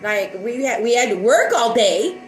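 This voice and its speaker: A woman with a somewhat high voice rambles casually to her viewers. She talks fast and loud, jumping from thought to thought with excitable energy. Her voice bounces around an echoey room, and faint music plays in the background. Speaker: live-stream vlogger.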